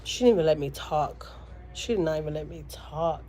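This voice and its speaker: A woman's voice: sits low, a little fast, mellow, slight background noise, poor audio. A woman from Houston, telling a story to her live-stream viewers in a chatty way, with lots of fillers. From Houston, Texas. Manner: chatty, many fillers, quotes others dramatically.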